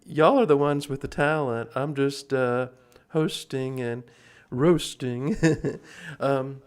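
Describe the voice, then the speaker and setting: A man hosting a casual livestream, rambling and halting with many fillers and chuckles. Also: medium pitch, clear, resonant tone. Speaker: livestream host.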